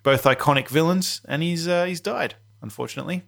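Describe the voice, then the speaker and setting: A man's voice: on the high side, brisk, gravelly, fairly bright tone. A man co-hosting a podcast in casual, joking chat, hesitating often with fillers. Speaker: podcast co-host.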